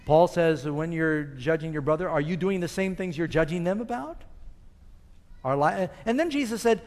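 A man's voice: high-pitched, lively intonation, brisk, a little mellow. A man preaching a sermon with emphatic delivery, quoting scripture and asking the congregation questions. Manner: emphatic, rising and falling with scripture quotes, asks the audience questions. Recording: long hall reverb.

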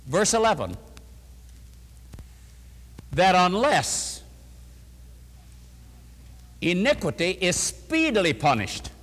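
Lively preacher man in a reverberant church. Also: a little high. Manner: emphatic, swings between loud stresses and soft asides. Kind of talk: sermon. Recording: long reverb of a church hall.

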